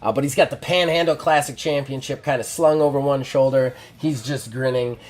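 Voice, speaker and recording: A man narrating a solo journaling tabletop game live, casual and relaxed with many fillers and restarts. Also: medium pitch, a little fast.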